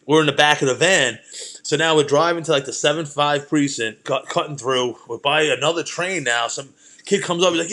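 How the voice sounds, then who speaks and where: A man's voice: a little high, fairly quick. A man, hosting a comedy podcast and telling rambling, profane stories in a casual monologue. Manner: profane, rambling, animated anecdotes.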